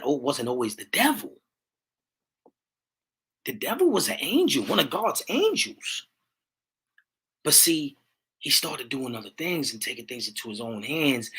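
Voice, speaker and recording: A man hosting his own livestream, talking with passion in a preachy way, repeating catchphrases and rising to near-shouts. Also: medium pitch, slightly rough. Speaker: livestream host. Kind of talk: impassioned livestream talk.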